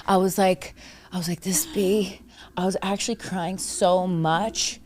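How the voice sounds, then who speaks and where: A woman's voice: lowish voice, normal speed, a little hiss or hum. A young woman co-hosting a podcast, telling stories in a casual chat with lots of "like" and acted-out quotes. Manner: animated storytelling, acts out quoted voices, many likes. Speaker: podcast co-host.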